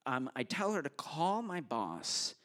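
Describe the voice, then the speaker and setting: Animated man telling a live story. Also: a little high, a little slow. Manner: animated and self-mocking, acting out the dialogue. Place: stage at a public hall.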